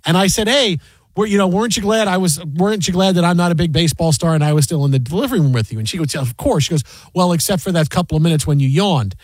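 A middle-aged man hosting sports radio, animated and storytelling, acting out the voices he quotes. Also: a little high, fast, no room sound. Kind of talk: casual sports talk.

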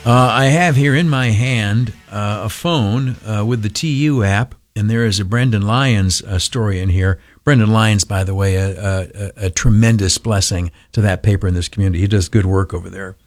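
A man's voice: on the low side, normal speed, few pauses, dry recording, studio quality. An older man hosting talk radio, rambling with many fillers and turning blunt and indignant. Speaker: radio talk show host.

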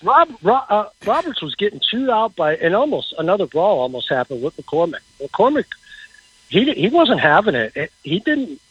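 A man giving casual football insight as a radio guest, halting and repeating words as he talks. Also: high voice, very animated, a bit bright, slightly rough, no echo, dull audio. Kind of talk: casual sports talk on radio.

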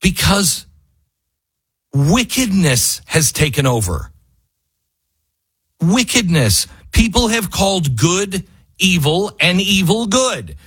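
A man hosting a radio talk show, delivering an impassioned political monologue that climbs to near-yelling in frustration. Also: high-pitched, sing-song, slow, long pauses, slightly rough. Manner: rising to near-yelling, fiery and exasperated. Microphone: studio microphone.

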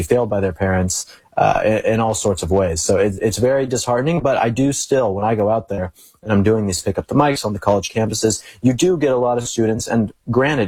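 A young man talking as a guest in a casual interview, earnest and repeating phrases for emphasis, with a husky voice. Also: on the low side, darkish tone, no echo. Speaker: guest, conservative commentator.

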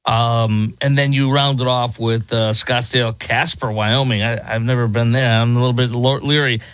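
A man's voice: medium pitch, steady tone, normal speed, a bit bright, dry recording. A man filling in as host of a radio morning show, chatting casually and reacting with amused surprise. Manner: amused, chuckling, exclaims at surprises.

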